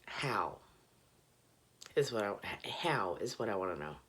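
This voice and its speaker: A woman's voice: a bass voice, big pitch swings, slow pace, a bit bright. A tipsy woman rambling casually and profanely in a bathroom, often dropping to a mutter. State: tipsy, slurring a little. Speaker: vlogger.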